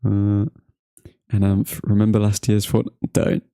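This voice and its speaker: A man's voice: on the low side, monotone, a little slow, gravelly, dark tone, clear, resonant tone, no room sound. A young man from England hosting a football watchalong stream, chatting to viewers, joking and laughing often. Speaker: watchalong livestream host. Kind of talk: casual live chat to viewers.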